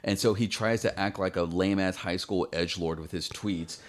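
A man's voice: sits low, fairly even intonation, moderate pace. A man co-hosting a podcast in casual chat, swearing freely and mocking his targets. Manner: profane, mocking, agreeing with frequent mm-hmms. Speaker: podcast co-host.

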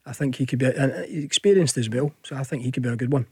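A man's voice: medium pitch, very fast, mellow, breathy edge, no room sound, clean studio sound. A man giving his view as a radio football pundit, easygoing and repeating words as he thinks. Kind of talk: studio chat. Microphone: studio mic.

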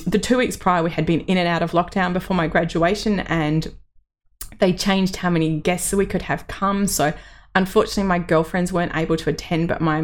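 Casting: middle-aged woman, low voice, candid solo podcast host. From Australia. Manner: candid and personal, with laughs and fillers.

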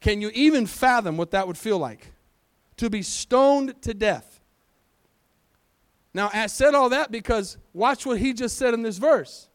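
High-voiced preacher asking rhetorical questions. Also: male voice, lively intonation, a little slow, clear, resonant tone, no echo, studio quality. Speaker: pastor. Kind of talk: sermon. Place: church sanctuary.

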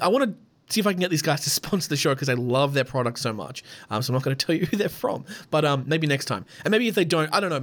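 Dude hosting his podcast, rambly and sweary, bit of a higher voice. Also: a bit bright. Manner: rambling, chatty, swears freely, frequent fillers. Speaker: podcast host. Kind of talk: casual podcast chat.

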